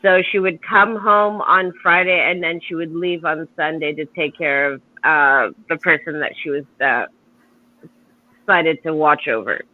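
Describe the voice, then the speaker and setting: A woman's voice: deep voice, measured pace, no echo. A woman tells a rambling story with many fillers. She comes through a thin, tinny phone-like line. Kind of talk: casual chat.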